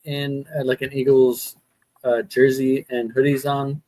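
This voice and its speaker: Excited man chatting off to the side. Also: mid-range voice, unhurried, dry recording, poor audio. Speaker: guest in the room. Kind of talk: casual chat.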